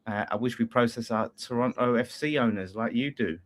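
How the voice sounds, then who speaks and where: A man hosts a relaxed fan chat, reading viewer messages aloud and reacting with easy laughs. His voice sits at an ordinary middle pitch for a man, conversational and unhurried. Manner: chatty, laughs often, reads messages aloud. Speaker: fan channel host reading super chats. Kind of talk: casual post-match chat.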